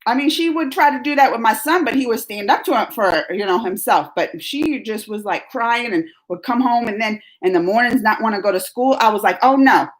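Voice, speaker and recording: A middle-aged woman with a high voice tells a story on a live stream. She is emphatic and rambling, and she keeps getting fired up as she rants. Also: a little fast, hardly any pauses.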